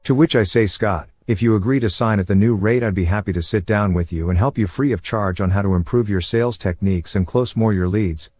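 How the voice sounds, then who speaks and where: Male narrator, low dry voice, steady reading of a reddit story, quote marks read aloud. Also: dry recording. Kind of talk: scripted narration of a reddit post.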